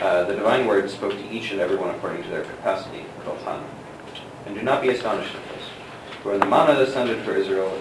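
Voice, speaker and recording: A male student reading a text aloud in class, slow and careful with hesitations. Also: low voice. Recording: distant voice in an echoey room with noise.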